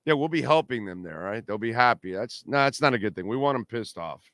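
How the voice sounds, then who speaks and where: A brash, trash-talking middle-aged man hosts a postgame sports show. His voice is smooth and resonant, and it sounds close and dry with no room around it. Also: mid-range voice, lively intonation, a little fast, a bit bright, dry recording. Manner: brash, trash-talking, reads sponsor plugs and super chats. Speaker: sports talk show host. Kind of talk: casual postgame livestream talk.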